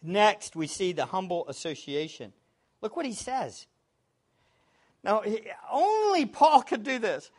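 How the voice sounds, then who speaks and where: A man preaching a sermon, with expressive delivery, sometimes shouting the quoted words. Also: sits high, a little slow. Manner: expressive preaching, shouting acted quotes, laughing between points.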